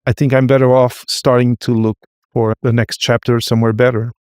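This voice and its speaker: A man hosting an interview podcast, speaking haltingly with frequent restarts and affirming fillers. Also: mid-range voice, flat delivery, darkish tone, smooth, no echo, studio quality. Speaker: podcast host. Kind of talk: interview conversation.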